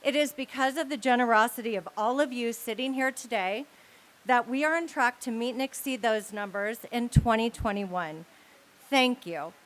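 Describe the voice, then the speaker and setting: A woman's voice: fairly high pitch, moderate pace. Woman delivering formal fundraising remarks. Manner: steady, formal reading of prepared remarks. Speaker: leader of a women's philanthropy council. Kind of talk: prepared speech at a charity event.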